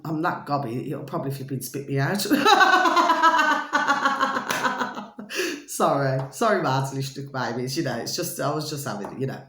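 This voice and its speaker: Chatty Birmingham woman, echoey room. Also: sits low. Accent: Birmingham English. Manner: chatty, rambling, many fillers, pet names for viewers. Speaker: vlogger. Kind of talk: casual talk to camera.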